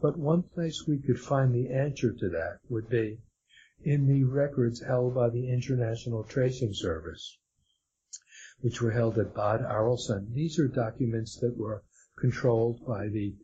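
A man's voice: medium pitch, a little slow, mellow, a little hiss or hum. A man being interviewed as a guest author, speaking hesitantly with many restarts and fillers. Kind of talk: conversational interview. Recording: dull lo-fi audio.

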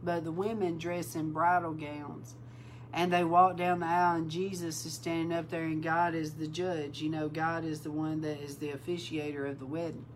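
A woman delivers an informal sermon in a fairly low voice, calling her listeners bride and hammering points home by repeating words. A faint hum runs under the recording. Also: little pitch movement, moderate pace, poor audio. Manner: breaks into loud exclaiming and laughter. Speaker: preacher.

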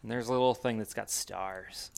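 A man's voice: lowish voice, fairly even intonation, normal speed, vocal fry. A man hosting a casual sports podcast, loose and joking as he rambles. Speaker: podcast host.

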